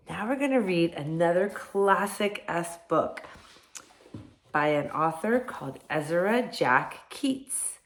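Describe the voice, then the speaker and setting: A woman, a kindergarten teacher, reading a picture book aloud to young children in an animated storytelling manner and inviting them to say lines along with her. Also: sits low. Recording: roomy echo.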